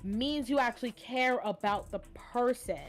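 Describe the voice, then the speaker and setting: A woman co-hosting a casual stream chat, blunt and animated, swearing freely. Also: a little high, normal speed, soft background music. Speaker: co-host streamer.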